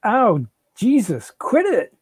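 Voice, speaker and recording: A man's voice: fairly high pitch, moderate pace, warm tone, no echo, close to an everyday voice. A man in a live reading, voicing a defensive, pleading unemployed husband and father.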